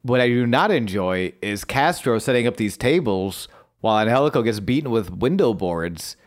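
A man co-hosting a wrestling podcast, talking loosely and recapping matches. His pitch climbs and drops all over as he tells stories with a lot of energy and casual swearing. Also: normal speed. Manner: animated storyteller, swears casually. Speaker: podcast co-host.

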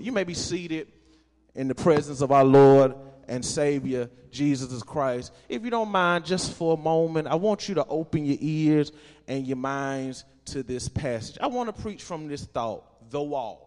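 A man's voice: on the high side, expressive, unhurried. A man preaching a sermon in a church, reading scripture and calling on the congregation to respond. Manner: call-and-response preaching, rising to shouts. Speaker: pastor. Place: church sanctuary. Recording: reverberant church hall.

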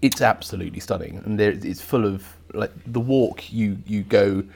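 A man's voice: fairly low pitch, moderate pace, vocal fry, a little mellow, husky. Chatty male podcast co-host. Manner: chatty, often restarts sentences. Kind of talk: casual chat.

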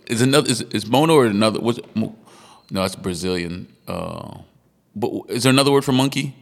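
Gravelly-voiced man telling loose stories. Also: medium pitch, fairly quick, in a large hall. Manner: animated storyteller, laughs often, swears freely. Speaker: podcast co-host. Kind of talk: casual chat.

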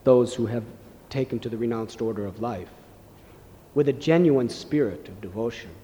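A man telling a devotional story in a gentle, reverent sermon style. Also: medium pitch, moderate pace, muffled recording, a little hiss or hum. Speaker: preacher. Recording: long hall reverb.

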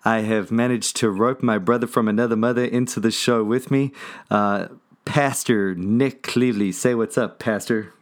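A man's voice: fairly low pitch, steady tone, normal speed. A man hosting a podcast, chatting in an easygoing, talkative way and laughing easily. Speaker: podcast host. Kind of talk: casual chat.

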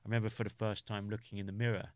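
A man from the UK, interviewed on a podcast, talks through a hard memory in a low, level-toned voice. The dry, close recording carries no room sound. Halting throughout, he restarts often and uses "you know" while searching for words.

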